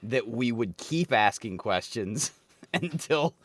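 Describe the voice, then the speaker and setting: A man's voice: medium pitch, lively intonation, takes it slowly, dry recording. A man co-hosting a casual podcast chat, blunt and profane. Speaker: podcast co-host.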